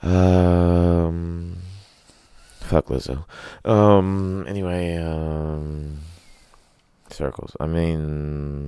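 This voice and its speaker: A man's voice: sits low, level tone, drawn-out words, long pauses, mellow, clear, resonant tone, no room sound, studio quality. A man hosting a solo podcast, rambling through crude, joking, self-mocking rants. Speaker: podcast host.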